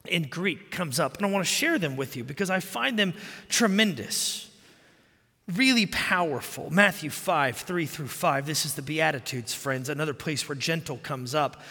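A male pastor delivering a sermon, preaching emphatically and then dropping to soft, quiet passages. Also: big-room sound. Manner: animated, emphatic preaching that drops to soft lows.

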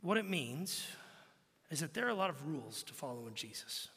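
A man in his forties preaching a sermon to his congregation as pastor, talking casually and then building to loud, emphatic peaks. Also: fairly high pitch, big pitch swings, a little fast, creaky, husky, in a large hall. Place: church sanctuary.

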